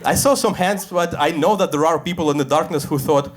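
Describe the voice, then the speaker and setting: A man's voice: on the high side, fairly quick, a crowd in the background. Russian-accented man doing stand-up. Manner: deadpan, with frequent uh fillers and slips in English. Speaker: stand-up comedian. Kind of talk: stand-up comedy set. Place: comedy club stage.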